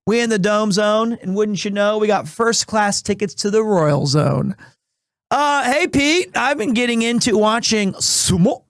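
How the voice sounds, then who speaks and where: A man in his thirties streaming live, chatting casually in a rambling, animated way with restarts, recovering from asthma and clearing his throat. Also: sits high, unhurried, dry recording, studio quality. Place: small home room.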